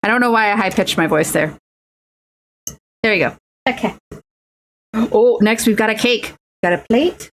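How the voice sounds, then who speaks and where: A woman's voice: mid-range voice, moderate pace, long pauses, slight background noise. A young woman streaming as she builds miniatures, chatting playfully and making silly sing-song noises. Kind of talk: casual chat while crafting miniatures.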